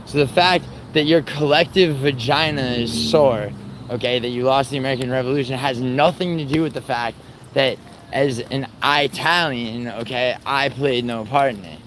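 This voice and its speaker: A young man, chatting to his stream while out on a city street, cursing freely and ribbing his viewers. His voice sits mid-pitch, and faint traffic hums behind him. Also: normal speed. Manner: profane, teasing banter with chat. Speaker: livestreamer. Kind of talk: casual livestream chat with viewers.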